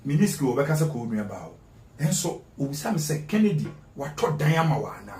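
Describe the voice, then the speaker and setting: A man's voice: fairly high pitch, very animated, quick pace, dark tone, reverberant. A Ghanaian man giving an interview as a guest, emphatic and repeating words for stress. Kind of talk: animated interview talk mixing Twi and English.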